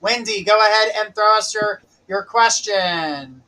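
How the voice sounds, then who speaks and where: Guy running a live psychic stream, bright tense voice, calling names off a list. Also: high voice, unhurried, slight background noise, poor audio. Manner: calls out viewer names from a list, jokes about mispronouncing them. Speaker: host of live psychic readings. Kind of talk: casual live-stream hosting. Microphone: live-stream mic with glitches.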